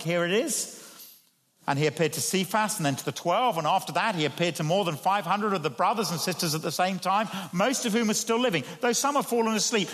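A man preaching a sermon, his voice rising to emphatic peaks and dropping to hushed tones. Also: sits high. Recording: long hall reverb.

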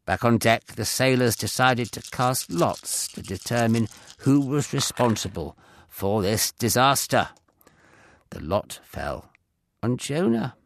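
Slow, expressive male storyteller. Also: medium pitch. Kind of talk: scripted Bible story narration.

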